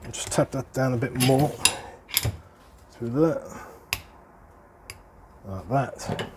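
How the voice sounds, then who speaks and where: Heavy background noise surrounds a middle-aged British man speaking slowly in a mid-range voice. He's an airgun hobbyist presenter giving a casual, hands-on repair walkthrough, talkative and explanatory, chuckling between his points.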